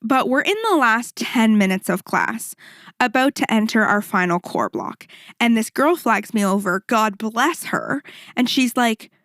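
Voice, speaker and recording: A woman hosting a podcast and telling a story in a casual, animated, rambling way, swearing freely and throwing in quick asides. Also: fairly high pitch, dry recording, studio quality. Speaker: podcast host and fitness instructor.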